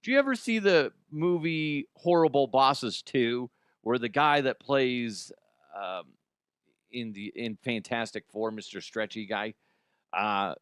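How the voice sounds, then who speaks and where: A man hosting a comedy show, telling a story in a profane, animated way, laughing and jumping his voice high for effect. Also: smooth, dry recording, clean studio sound. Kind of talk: comic storytelling monologue. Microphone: studio microphone.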